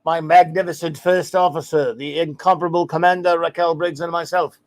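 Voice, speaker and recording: A man hosting a casual livestream, talking in an enthusiastic, rambling way and giving effusive shout-outs. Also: on the high side, fairly even intonation, fairly quick, few pauses. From United States. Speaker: host.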